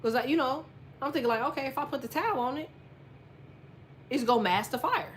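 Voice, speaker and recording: A woman's voice: high voice, brisk, slight background noise. A woman telling a personal story in a casual monologue, blunt and swearing constantly. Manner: lively storyteller, quietens when telling sad parts. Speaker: astrology content creator.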